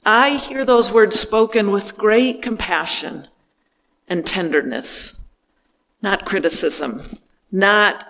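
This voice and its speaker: A male preacher delivers a reflective sermon in a gentle, unhurried way, his voice sitting high. He lets each phrase land and pauses before moving on. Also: long reverb tail. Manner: slow, gentle, pausing between phrases.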